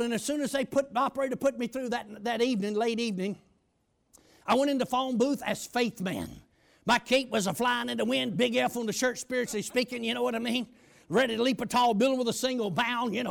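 A man preaching a storytelling sermon, shouting and slowing down for emphasis. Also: very high voice, vocal fry.

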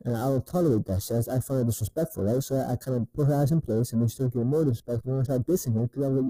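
Guy ranting on his podcast, super dark mellow voice, swears a lot, keeps saying right?. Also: mid-range voice, rapid-fire, hardly any pauses, no echo, rough recording. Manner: rambling and profane, with many repeated "right?" tags. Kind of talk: casual storytelling rant.

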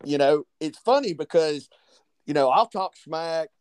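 A man's voice: on the high side, lively intonation, measured pace, a little mellow, smooth, no room sound. A man co-hosting a podcast, chatting casually about wrestling crowds. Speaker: podcast co-host. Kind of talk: casual chat.

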